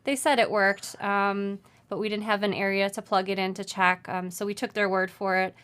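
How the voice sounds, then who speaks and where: A woman's voice: mid-range voice, little pitch movement, normal speed, fairly bright tone, smooth. Chatty woman hosting a sewing show. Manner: chatty, friendly, with many fillers. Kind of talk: casual live-stream chat. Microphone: mic moved during the show, distant at first. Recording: sounds distant from the mic at first.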